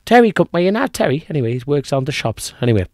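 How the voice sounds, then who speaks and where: A man co-hosting a podcast, telling a long joke in a lively, repetitive way. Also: a little high, rapid-fire, dry recording, studio quality. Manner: animated storyteller, repeats himself, acts out voices. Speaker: podcast co-host.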